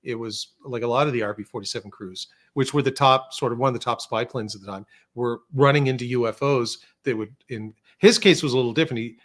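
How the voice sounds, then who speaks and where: A man's voice: mid-range voice, quick pace, few pauses. Chatty man telling long stories. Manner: rambling anecdotes with restarts and quoted dialogue. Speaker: podcast guest, filmmaker. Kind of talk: casual storytelling chat. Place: studio.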